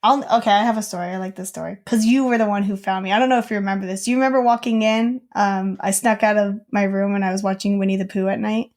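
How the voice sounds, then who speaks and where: A woman's voice: mid-range voice, fairly even intonation, fast, few pauses, darkish tone. A young woman co-hosting a podcast, telling a childhood story in casual chat with lots of fillers. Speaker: podcast co-host.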